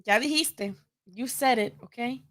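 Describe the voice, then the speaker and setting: A woman's voice: a little high, unhurried, fairly bright tone. A woman with a Chicano English accent hosting a boxing live stream in casual chat, laughing often and saying "dude" a lot.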